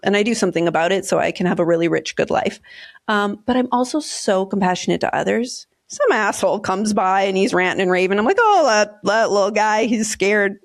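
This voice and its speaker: A woman therapist talking as a podcast guest, animated and expressive, acting out little quoted voices as she goes. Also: medium pitch, fast talker, creaky. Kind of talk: casual podcast conversation.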